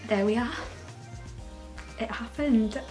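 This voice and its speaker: A woman giving an excited, unscripted reaction to a trailer, gushing, laughing often and close to tears. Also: fairly high pitch, takes it slowly, faint music behind. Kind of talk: casual, unscripted reaction commentary.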